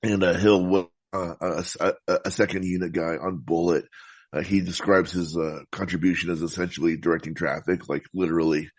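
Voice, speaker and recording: A man talking about films as a podcast guest, in a thoughtful, meandering way with frequent halting restarts. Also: low-pitched, level tone, no room sound. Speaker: podcast guest, film critic. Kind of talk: casual film discussion.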